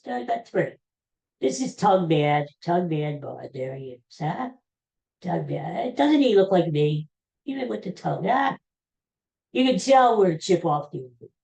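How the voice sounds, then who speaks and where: Vocal fry colors the high, darkish voice of an older man running a solo podcast. His style is casual and folksy, full of rambling and jokes, and the space around him echoes.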